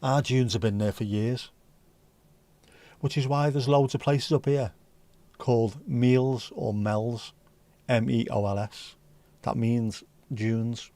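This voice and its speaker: A man's voice: medium pitch, dark tone, no echo. A man from North West England, hosting a casual livestream and bantering with chat comments. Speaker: livestream host.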